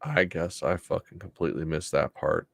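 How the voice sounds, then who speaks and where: A man's voice: sits low, fairly even intonation, normal speed, gravelly, a bit bright, no room sound. A man co-hosting a horror podcast in casual chat, laid-back and swearing a lot, often laughing. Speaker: podcast co-host.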